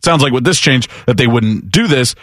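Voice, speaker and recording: A man's voice: mid-range voice, animated, normal speed, fairly bright tone, no room sound, studio quality. A man co-hosting a casual sports talk show, reading news items aloud and riffing on them with wry jokes.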